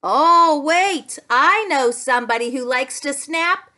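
Very high-voiced, animated speech therapist. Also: female voice, slow pace. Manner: animated, sing-song, exclamatory. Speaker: speech-language pathologist. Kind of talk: playful children's therapy lesson.

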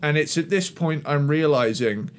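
A man's voice: fairly high pitch, normal speed. A man in casual review chat on a podcast, laughing often and making dry sarcastic asides. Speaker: podcast co-host.

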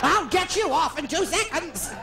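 A man's voice: very high voice, big pitch swings, normal speed, gravelly, crowd noise, noisy background, voice pushed up, heavily acted. A man doing a quavering, patrician old film star. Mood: arch. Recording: echoey live room with audience.

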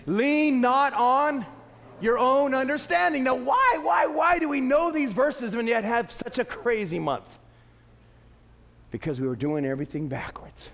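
High-voiced pastor preaching in an echoey hall. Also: male voice, creaky. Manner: lively and playful, shifting between loud exclaims and quiet asides. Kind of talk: sermon.

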